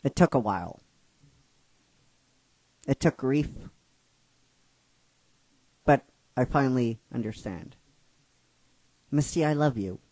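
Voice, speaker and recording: Humble young trainer, soft-spoken and sincere, read by a man, slow, dry close sound. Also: mid-range voice, lively intonation, no room sound, voice pushed down, low-quality recording. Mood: tender.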